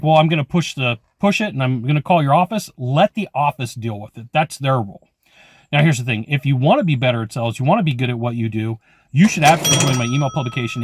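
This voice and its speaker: A man's voice: mid-range voice, dry recording, clean studio sound. A man teaching trade sales, talking bluntly and emphatically and acting out customer conversations. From California. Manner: blunt, emphatic, storytelling with quoted dialogue. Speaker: HVAC sales trainer. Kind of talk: casual instructional talk to camera.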